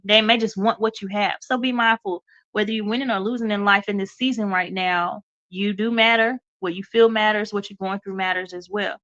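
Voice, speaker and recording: Bright-voiced woman radio host, stuffy. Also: mid-range voice, muffled recording. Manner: encouraging, addresses listeners as y'all, repeats okay. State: a little stuffy, congested. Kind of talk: motivational talk.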